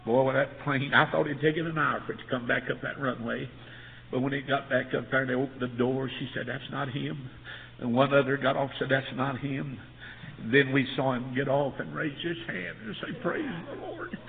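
A man's voice: mid-range voice, fairly even intonation, moderate pace, creaky. An older man preaching a revival sermon, telling a personal story and then building to an impassioned call to come forward. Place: church service. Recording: tinny phone-like hall recording with faint noise.

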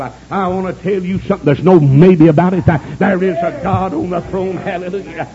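A man with a Southern US accent preaching a revival sermon, telling folksy stories and bursting into shouts, with many "uh" fillers. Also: high-pitched, fairly even intonation, normal speed, hardly any pauses, heavy background noise. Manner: shouting, exclamatory, punctuating with "uh". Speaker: evangelist preacher. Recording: dull lo-fi audio recording.

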